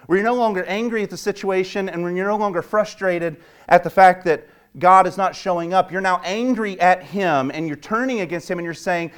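A man delivers a sermon in a voice that sits a little above the usual male pitch. He preaches with fervor, rising sharply when he acts out quoted complaints and dropping to a hushed murmur when he prays. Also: fairly quick, few pauses, smooth. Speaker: pastor.

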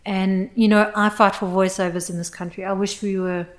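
A woman sound engineer talks in a relaxed podcast conversation, emphatic and animated, with a voice of ordinary middle pitch. She leans into her points and laughs easily as she goes. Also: brisk. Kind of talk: casual podcast chat.

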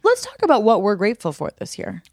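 A woman's voice: medium pitch, huge pitch swings, quick pace, darkish tone, no room sound. A woman co-hosting a podcast in casual chat, telling stories and laughing often. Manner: chatty, storytelling, laughs often. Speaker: podcast co-host.

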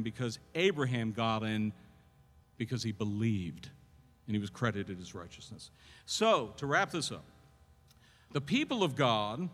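A man preaching a sermon as pastor, telling the story with animated, rising delivery at the dramatic moments. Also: mid-range voice. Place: church sanctuary. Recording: reverberant hall.

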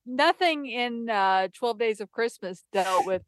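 A woman's voice: on the high side, lively intonation, a little slow, no echo, clean studio sound. A woman co-hosting a casual podcast, chatty and wry about a movie. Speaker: podcast co-host. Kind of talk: casual movie-review chat.

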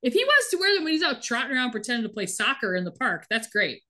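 A woman's voice: a little high, sing-song, quick pace, sharp tone. A woman co-hosting a casual chat podcast, recapping a TV show with wry, sarcastic asides. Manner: wry, sarcastic, reads out lines with light voices.

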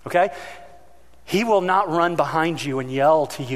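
A male pastor delivers a sermon with a fairly high voice, moving from quiet, earnest points to lively, animated storytelling. His words ring out with a long reverb from the church hall around him. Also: normal speed. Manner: animated storytelling, acting out his own shouting.

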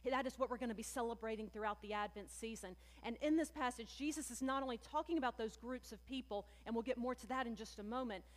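A woman pastor preaches with a high, bright-pitched voice, talking to her congregation as friends and leaning hard on key words. Her voice rings out with a long echo, as if it fills a large sanctuary. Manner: conversational, addresses listeners as friends, animated emphasis. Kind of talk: sermon. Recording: long hall reverb.

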